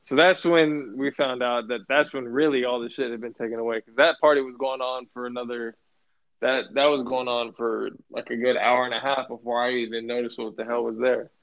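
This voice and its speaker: A man's voice: mid-range voice, steady tone, fairly quick, vocal fry, no echo, muffled recording. A young man casually telling a profane, laughing story on a podcast with friends. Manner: laid-back, profane, laughs while telling.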